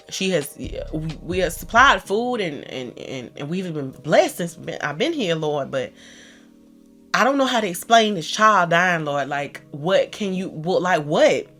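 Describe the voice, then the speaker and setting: A desperate, humble prophet pleads with God over a lost child, as a woman acts him out. The voice drops lower and quieter, halting and searching for words, over faint background music. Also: sing-song, full character voice. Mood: pleading. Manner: pleading, halting, broken phrases.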